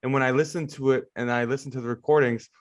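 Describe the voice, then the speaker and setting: A male podcast host with a mid-range voice who asks questions in an earnest, self-reflective way. He tries to speak slowly and carefully. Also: mid-range voice, fairly even intonation. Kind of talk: interview questions.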